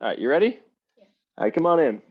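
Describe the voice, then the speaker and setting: A man hosting a podcast, telling a family story in a relaxed, joking way. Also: a little high, fast, breathy edge. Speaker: podcast host. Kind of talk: casual podcast chat. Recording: dull, dry lo-fi sound.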